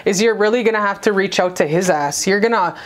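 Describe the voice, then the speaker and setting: A woman's voice: mid-range voice, fast talker. A woman giving a casual spiritual love reading to camera, brash and profane, hyping up the viewer. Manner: brash, profane, hyped-up pep talk. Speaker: tarot reader.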